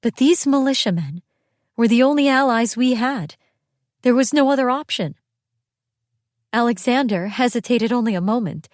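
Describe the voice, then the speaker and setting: A woman reading a first-person audiobook narration in a steady, tense storytelling manner. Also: on the high side, moderate pace, pauses often, no echo, studio quality.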